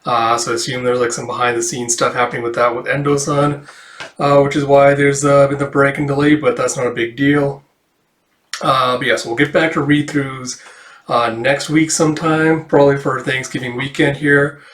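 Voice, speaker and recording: A man hosting a casual read-through, chatting in a relaxed way with lots of filler words. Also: medium pitch, moderate pace, reverberant. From Canada. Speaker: channel host.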